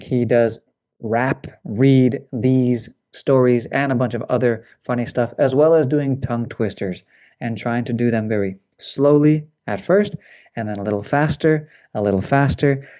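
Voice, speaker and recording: Man, pronunciation teacher, slow, deliberate enunciation, middle pitch, lesson delivery. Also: warm tone. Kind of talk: slow instructional lesson with drilled word lists.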